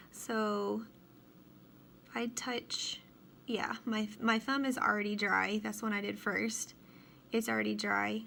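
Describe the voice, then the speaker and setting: A woman's voice: mid-range voice, sharp tone, a little hiss or hum. A woman hosting a casual home tutorial, chatting unhurriedly and narrating each step as she works in her dining room. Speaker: nail tutorial host. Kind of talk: casual how-to demonstration.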